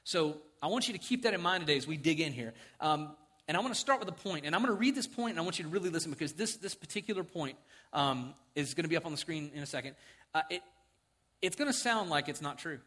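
A middle-aged man preaching in a church sanctuary, telling a story with lively acted-out quotes and frequent chuckles. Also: on the high side, quick pace. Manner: animated, acts out quotes, chuckles often. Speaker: pastor. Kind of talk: sermon with storytelling.

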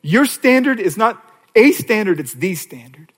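Guy preaching a sermon, kinda high voice, goes soft then loud, big hall echo. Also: big pitch swings, a little slow. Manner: swings from hushed pleading to raised emphatic preaching. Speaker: pastor. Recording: long hall reverb.

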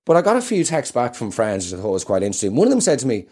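Animated Irish comedian ranting. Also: male voice, mid-range voice, very fast, husky. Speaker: comedian and show host. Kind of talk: comedic monologue.

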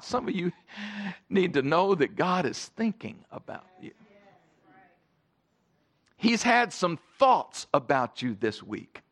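A man's voice: high-pitched, very animated, slow. Emphatic pastor preaching a sermon, man. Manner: emphatic, swings between loud stressed phrases and soft asides; engages audience with questions.

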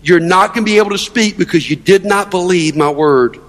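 A man's voice: high voice, a little fast, a bit bright. A man voicing a confident male angel messenger who challenges a doubter with rhetorical questions. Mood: challenging. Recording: long hall reverb.

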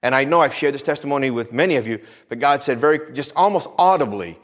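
A man's voice: mid-range voice, expressive, fast talker, few pauses. A man preaching a fervent sermon, calling out for amens from the congregation as his voice swells and drops. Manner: fervent, rising and falling preaching with call-outs for amen.

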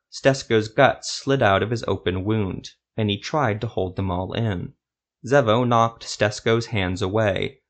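A man narrating a grim fantasy story in a steady, measured reading. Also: lowish voice.

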